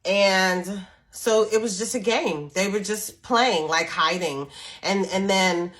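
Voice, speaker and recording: A woman's voice: medium pitch, slow pace. A middle-aged woman casually telling a personal story to camera, chatty and full of restarts. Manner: chatty, repetitive restarts, acts out quoted voices softly. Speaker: spiritual storyteller and channel host.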